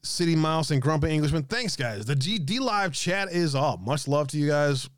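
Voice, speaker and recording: A man's voice: on the high side, lively intonation, moderate pace, no room sound, studio quality. A man hosting a casual livestream, reading viewer comments aloud and joking, with frequent swearing. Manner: profane, jokey, reads chat comments aloud. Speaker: livestream host reading chat.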